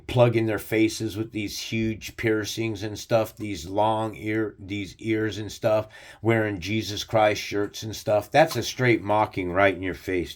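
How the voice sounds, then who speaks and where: A man with a low-pitched voice gives casual, preachy commentary on scripture. He talks bluntly and swears freely. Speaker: host of a religious commentary channel.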